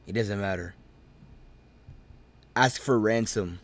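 A man's voice: mid-range voice, normal speed, no room sound. A man doing casual, slangy commentary over a life-simulation video game. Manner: slangy, laid-back, jokey. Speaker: gaming streamer.

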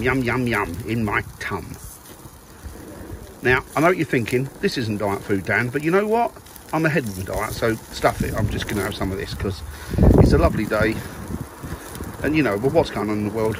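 A man's voice: mid-range voice, very noisy. A man vlogging casually in his garden, jokey and self-mocking about his family. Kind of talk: casual family vlog chat. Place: garden outdoors.

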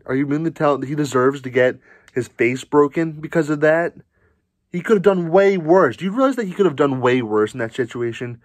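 A man's voice: medium pitch, no echo. A man ranting angrily as a sports fan, furious, swearing and insulting. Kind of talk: angry profane rant.

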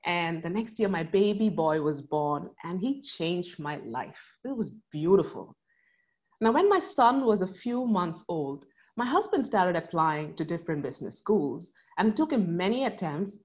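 A woman's voice: on the low side, animated, muffled recording. A woman, telling a personal story on stage in an earnest, paced way. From South India. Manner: earnest, dramatic pauses.

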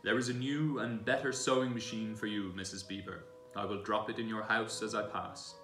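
Father Christmas, read by a man, grave and slow. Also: lowish voice, fairly even intonation, a bit bright, soft background music, lightly acted. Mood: solemn. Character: huge solemn glad old man bringing gifts. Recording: echoey church room, distant mic.

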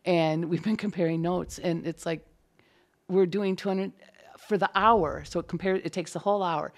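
A woman's voice: on the low side, steady tone, moderate pace. A middle-aged woman with a light Minnesotan accent, chatting casually as an interview guest and thinking aloud with fillers and restarts. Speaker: closed captioner, guest.

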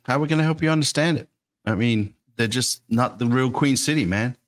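A man's voice: medium pitch, brisk. A man co-hosting a casual football fan show, rambling in a laid-back, dismissive way. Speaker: co-host.

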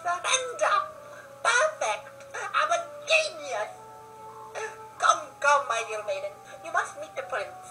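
A gamer reading a video game cutscene aloud, voicing an excitable, scheming male court advisor in a squeaky voice that rises to gleeful shrieks. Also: moderate pace, hardly any pauses, rough recording. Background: game music.

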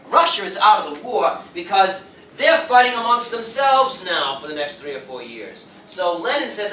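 Male history teacher, animated classroom lecturer, sharp bright tone, roomy distant classroom recording. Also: sits high, slight background noise. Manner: lively, acts out quick voices of nations and leaders. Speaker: high school history teacher. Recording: roomy classroom sound from far off.

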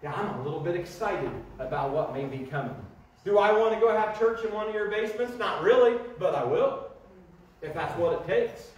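A man with a fairly high voice preaches in a folksy, humorous and animated way. The mic is far off, so the voice rings through a very echoey church sanctuary with a faint noise under it. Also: fairly quick. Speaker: pastor. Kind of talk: sermon.

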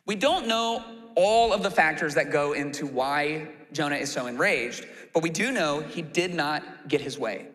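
Lively, high-voiced pastor preaching in a hall. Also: male voice, moderate pace. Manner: animated, acts out quoted complaints in a raised voice. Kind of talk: sermon. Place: church auditorium.

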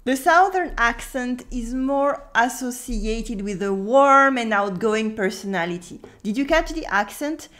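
A French woman from France explaining spoken French in a scripted lesson, slowing down to model pronunciations. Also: a little high, animated, a bit bright. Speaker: French teacher.

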